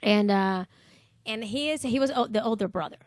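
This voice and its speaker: A woman with a Brazilian accent, a podcast guest telling stories in a laughing, swearing, animated way. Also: mid-range voice, normal speed, no room sound, studio quality. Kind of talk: casual storytelling.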